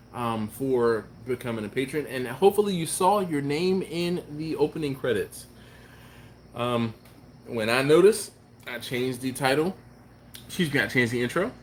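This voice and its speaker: A man's voice: fairly high pitch, a bit bright, slight background noise. Chuckling, laid-back live-stream host, a man. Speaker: barbecue channel host. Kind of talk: casual late-night live-stream chat, reading comments aloud.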